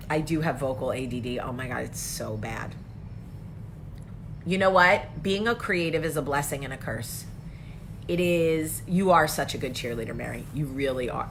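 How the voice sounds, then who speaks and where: A woman with a bass voice hosts a casual talk show, chatting loosely to viewers live, straying into tangents, swearing freely and answering comments as she goes. There's background noise.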